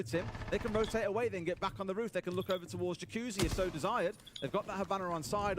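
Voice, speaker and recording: A man calls an esports match live, breaking down tactics at a quick clip. His voice sits a little high, and clear background noise runs under the broadcast. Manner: brisk, analytical, explaining tactics. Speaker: esports caster. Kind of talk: live play-by-play and analysis. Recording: broadcast audio with noisy background.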